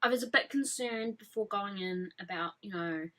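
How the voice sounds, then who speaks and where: A woman's voice: medium pitch, moderate pace, sharp tone, rough recording. A woman vlogger chatting casually and effusively as a fan, rambling with frequent fillers and restarts. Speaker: fan vlogger reviewing a film. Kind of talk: casual chat.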